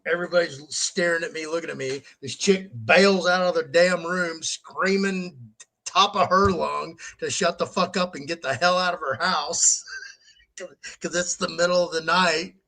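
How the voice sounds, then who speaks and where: A man's voice: on the high side, steady tone, moderate pace, vocal fry, bright, forceful tone. A middle-aged man hosting his own show, telling a story in a casual monologue, laughing often and swearing freely. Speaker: show host.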